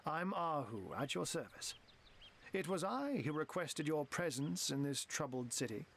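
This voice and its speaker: An actor playing a witty, genteel game wizard who turns into a talking cat, speaking in flowery phrases full of cat puns. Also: male voice, on the high side, very animated, unhurried, fairly bright tone, full character voice. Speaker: game character.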